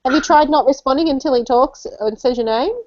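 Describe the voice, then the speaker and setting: A woman's voice: high voice, a little fast, darkish tone, slight background noise. A woman in casual podcast chat, reassuring her friend and offering practical suggestions. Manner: reassuring, supportive listener. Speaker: podcast co-host. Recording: slightly muffled lo-fi audio.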